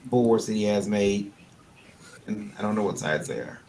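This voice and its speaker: A man's voice: on the low side, moderate pace, a little mellow. A man co-hosting a charity auction stream, casual and rambling with lots of fillers. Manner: rambling, laid-back, many fillers. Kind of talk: casual chat. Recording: noisy stream audio.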